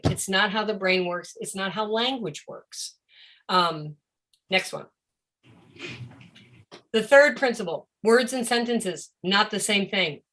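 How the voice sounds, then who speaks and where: A woman teaching a live-streamed presentation on reading for deaf children, animated and often acting out a confused child's voice. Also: mid-range voice. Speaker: educator of deaf students.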